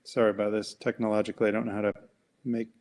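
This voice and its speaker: Animated man teaching in a webinar. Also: fairly low pitch, racing. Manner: animated, folksy storytelling with acted-out voices. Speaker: coach and presenter. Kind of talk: webinar talk with a demonstration. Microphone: webinar mic.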